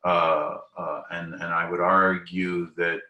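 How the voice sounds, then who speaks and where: A man's voice: low-pitched, little pitch movement, slow pace, dull audio. A man in his fifties, an actor on a discussion panel, reflecting thoughtfully and rambling with restarts over a video call. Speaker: actor guest. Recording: echoey room.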